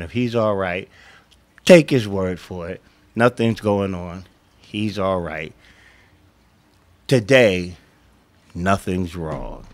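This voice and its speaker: A man's voice: lowish voice, no echo. A man giving blunt relationship advice to women in a casual monologue, swearing and acting out little back-and-forth dialogues.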